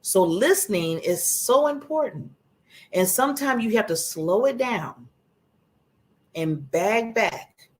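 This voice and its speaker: A woman's voice: a little high, expressive, a little slow. A woman giving earnest, emphatic motivational advice on a talk show in a broadcast studio, often repeating phrases for emphasis. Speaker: guest speaker giving advice.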